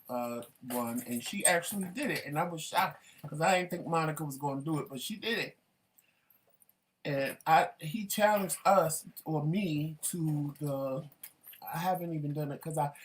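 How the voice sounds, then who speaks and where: A man's voice: on the high side, slight background noise. Chatty, laughing male talk show host. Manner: chatty and animated, laughs often. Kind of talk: casual chat.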